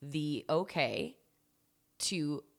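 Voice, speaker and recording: A woman's voice: deep voice, expressive, drawn-out words, vocal fry. A woman co-hosting a podcast in casual chat, earnest with a dry humor. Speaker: podcast co-host.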